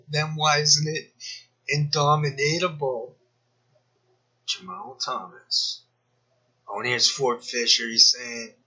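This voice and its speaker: A man's voice: mid-range voice, sharp tone, slightly rough, muffled recording. A man giving rambling, sarcastic commentary as a YouTuber, full of mocking asides and digressions. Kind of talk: rambling screen-share commentary.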